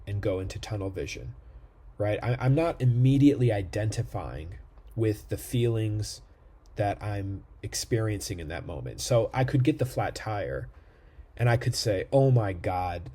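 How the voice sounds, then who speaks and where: A man's voice: on the low side, dark tone, husky. A man giving a recorded lecture in a conversational way, thinking aloud with fillers and checking in with "right?".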